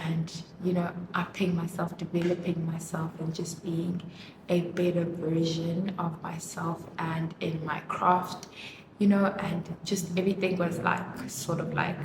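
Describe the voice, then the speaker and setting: A woman talks through her makeup routine in a casual vlog, slow and a little low-pitched. She gushes and gets emotional, with her speech full of fillers. The sound is roomy and echoey, with clear background noise. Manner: emotional, gushing, many fillers. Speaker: vlogger. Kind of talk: casual chat while doing makeup.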